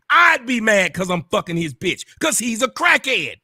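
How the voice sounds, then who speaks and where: A man ranting straight at the camera, profane and confrontational, repeating himself and bursting into shouts. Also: extremely high pitch, lively intonation, normal speed, hardly any pauses, dry recording, studio quality. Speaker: online commentator. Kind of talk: angry direct-address rant.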